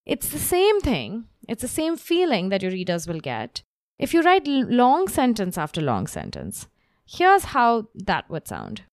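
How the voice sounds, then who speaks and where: A woman's voice: on the high side, wildly swooping pitch, unhurried, dry recording. A woman copy coach teaching writing tips in a spoken lesson, reading example copy aloud with expression. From grew up in Bombay, India. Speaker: copy coach and podcast host.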